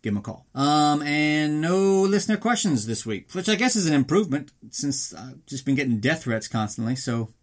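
A man hosting a podcast, recapping a film in a casual, sarcastic, profane way and slipping into quick mock voices. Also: a little high, very animated. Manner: reads a mock ad in an upbeat announcer tone.

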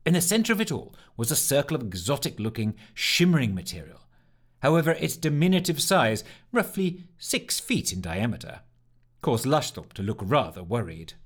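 A man reads a storybook aloud, with a lively, swinging pitch and an expressive, animated delivery. He narrates steadily, rising and falling through the sentences. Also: normal speed.

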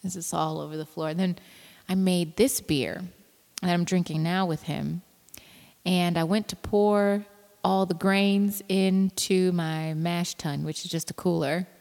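A woman's voice: fairly low pitch, gravelly, darkish tone. A tired woman in her thirties talks casually to her viewers as a mother. She rambles, laughs easily and sometimes drops to a whisper. Her voice carries a long room reverb. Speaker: mother vlogging. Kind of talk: casual chat to camera.

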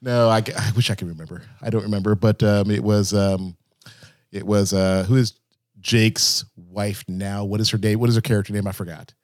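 A man's voice: lowish voice, steady tone, normal speed, a little mellow, no room sound, clean studio sound. A man co-hosting a podcast, rambling and self-deprecating, hesitating often as he searches for words. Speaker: podcast co-host. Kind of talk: casual podcast banter.

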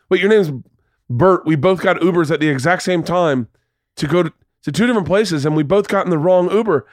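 A man's voice: fairly high pitch, no room sound, clean studio sound. A man hosting a podcast, telling stories in casual chat, swearing freely and acting out the voices of people in his stories. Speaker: podcast host.

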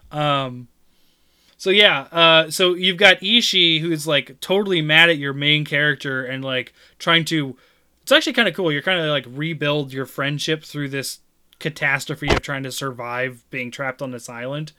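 Brief: talkative man, fairly high bright voice, loose rambling chat with big laughs. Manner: rambling, laughs loudly, restarts often; mimics game voices in retelling. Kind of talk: casual chat.

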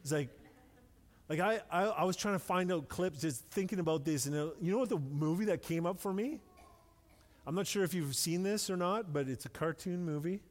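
A middle-aged man preaching a sermon in a relaxed, conversational way, with light self-deprecating humor and words repeated when he stresses a point. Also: high voice, moderate pace. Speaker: pastor. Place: church sanctuary with long reverb. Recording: long hall reverb.

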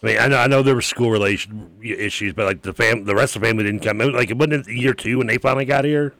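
A man co-hosting a sports radio show, animated and jokey, chatting casually with his partner. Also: medium pitch, fast, no echo. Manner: animated and jokey, laughs often, lots of fillers.

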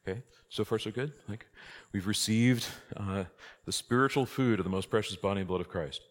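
Low-voiced male priest teaching a class, lively and questioning, in a reverberant hall. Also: fairly quick. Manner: lively, rhetorical questions, emphatic outbursts. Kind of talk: conversational church class teaching. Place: church hall.

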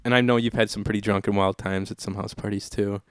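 A man in his twenties hosts a podcast with a clear, resonant voice. He tells his story in a relaxed, rambling way, full of filler words and casual swearing. The sound is close and dry. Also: lowish voice, quick pace, no room sound. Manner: laid-back, swears freely, heavy filler words. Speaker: podcast host.

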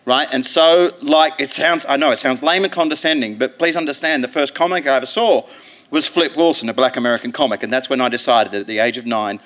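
Bright, brash Australian man telling stories. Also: mid-range voice, fast. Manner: profane, animated storytelling with put-on voices. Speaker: comedian guest. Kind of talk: live podcast interview. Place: theatre stage.

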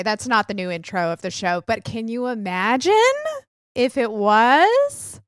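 A woman's voice: a little high, very animated, moderate pace, no echo, clean studio sound. A woman hosting a solo podcast, chatty and sarcastic, poking fun at herself. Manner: chatty, sarcastic, self-deprecating. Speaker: podcast host. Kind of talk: casual solo podcast monologue.

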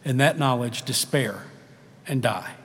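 A cruel witch queen gloats over her fallen enemy in a slow, quivering, taunting voice, as a male pastor reads her lines aloud from a storybook. The voice sits low and hushed, and a long hall reverb trails each phrase. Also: husky. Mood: gloating, cruel.

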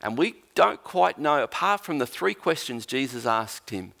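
Animated male preacher telling a story. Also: mid-range voice, normal speed, creaky. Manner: animated storyteller, acts out quotes. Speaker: pastor. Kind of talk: sermon.

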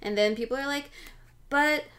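A woman's voice: mid-range voice, brisk, fairly bright tone. A woman co-hosting a podcast in casual chat, chatty and opinionated, often talking over her partner. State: chewing while talking. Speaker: podcast co-host.

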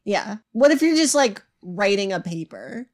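A woman cracking crude, lively jokes. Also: medium pitch. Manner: crude, joking and quick to laugh. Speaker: podcast co-host. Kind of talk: casual comedic chat.

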